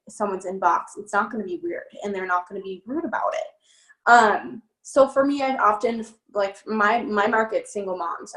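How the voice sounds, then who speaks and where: A young woman giving a casual sales training talk, chatty and upbeat with lots of fillers. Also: medium pitch. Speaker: network marketing trainer. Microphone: phone. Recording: echoey room.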